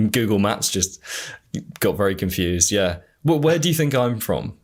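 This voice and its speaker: A man's voice: lowish voice, expressive, takes it slowly, husky. A man with a generic southern English accent, hosting a podcast in casual chat, rambling and hesitant with frequent laughs. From England. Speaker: podcast host.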